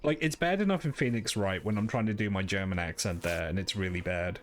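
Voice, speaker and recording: A man's voice: fairly low pitch, a little fast. A man streaming a video game, chatting casually and making fun of himself. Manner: chatty, self-deprecating, rambling. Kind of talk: casual let's-play commentary.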